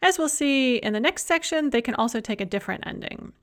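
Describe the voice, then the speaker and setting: A woman teaching a grammar lesson, explaining rules clearly and reading out pairs of example words. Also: sits high, lively intonation, a little fast. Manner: clear, methodical, reads example word pairs aloud. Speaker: language teacher.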